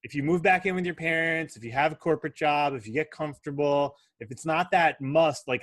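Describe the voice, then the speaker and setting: Animated young male interview host. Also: on the high side, brisk, hardly any pauses, dry recording. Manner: energetic, animated storyteller. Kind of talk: interview with storytelling.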